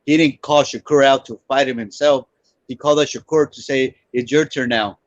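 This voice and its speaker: A man's voice: mid-range voice, steady tone, moderate pace, no room sound. Insistent male panelist on a dull line. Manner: insistent, repeats words when pressed. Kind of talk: heated live sports talk.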